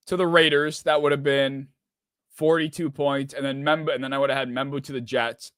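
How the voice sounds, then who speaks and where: Bright-voiced man ranting on a stream. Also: medium pitch, dry recording, clean studio sound. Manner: frustrated swearing, rambling rants. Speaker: streamer host. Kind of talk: live draft reaction stream.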